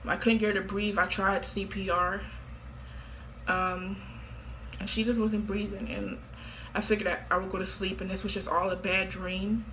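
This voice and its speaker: Teen woman vlogger, bright forward voice, flat blunt delivery, faint noise behind. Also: mid-range voice, normal speed. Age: teens. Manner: blunt, offhand and flippant. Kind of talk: casual monologue to camera.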